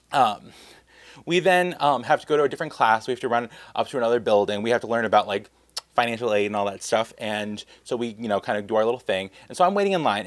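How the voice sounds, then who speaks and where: A young man with a mid-range voice tells a casual storytime vlog, rambling, poking fun at himself and packing in filler words. There's no room sound on the recording.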